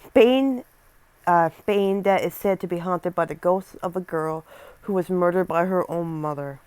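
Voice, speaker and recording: A woman's voice: on the low side, unhurried, a little mellow, smooth, dry recording. A young woman reading a scary story aloud and breaking off for casual, rambling asides, often stumbling over words.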